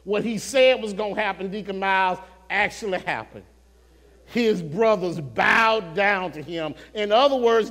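A male preacher, high-voiced, shouts his sermon in a church hall with heavy reverberation. He engages the congregation head-on in call-and-response, alternating low, slow murmurs with shouted high points.

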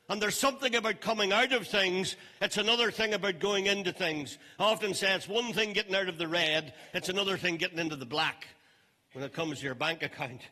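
An older man preaching a sermon as pastor, emphatic and stressing phrases slowly. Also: high-pitched, bright, forceful tone. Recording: long reverb of a large hall.

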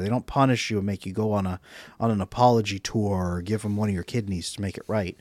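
A man who is a relationship coach, giving animated interview answers and acting out example dialogues. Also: fairly low pitch, quick pace, no room sound, clean studio sound. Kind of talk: casual interview talk.

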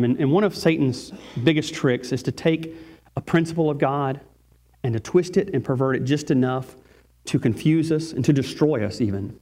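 A man's voice: mid-range voice, dark tone. A male pastor preaching a sermon in a church, emphatic and repetitive. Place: church sanctuary.

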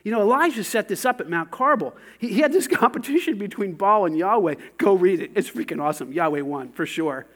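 A man preaching a sermon as pastor, swinging between loud calls and hushed asides. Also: high voice, lively intonation, fairly quick, hardly any pauses.

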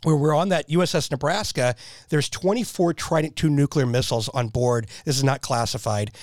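A man with a slightly high voice rattles off animated anecdotes in an easy podcast chat, often laughing at his own jokes. The sound is close and dry, with no room in it. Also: a little fast, no echo. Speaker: guest telling stories. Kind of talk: casual storytelling chat.

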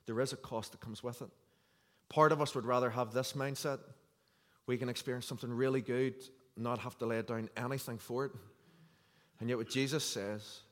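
Male pastor, mid-pitched, preaching earnestly in a reverberant church hall. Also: a bit bright. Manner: earnest, conversational preaching with scripture reading. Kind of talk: sermon.

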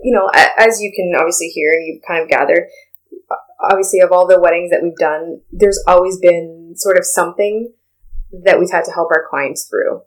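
Halting woman wedding planner, lowish pitch. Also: fairly even intonation, low-quality recording. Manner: rambling, halting restarts with "you know". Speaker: wedding planner, podcast co-host. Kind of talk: casual podcast chat.

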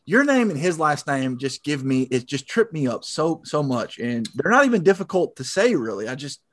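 A man with a Southern accent, co-hosting a casual high school sports podcast and stumbling over words now and then. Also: sing-song, normal speed, a bit bright, dry recording, studio quality. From Tennessee. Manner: chatty, self-deprecating, stumbles over words. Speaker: podcast co-host.

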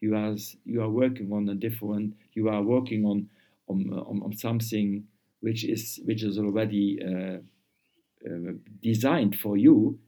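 Man, interview guest, halting and repetitive, warm dark tone. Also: fairly low pitch, fairly even intonation. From Luxembourg. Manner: halting, repeats words while searching for phrasing. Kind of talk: conversational interview.

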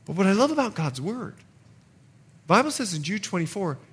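Male pastor, animated sermon delivery, high and very expressive voice. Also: moderate pace, breathy edge. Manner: animated preaching with acted-out asides.

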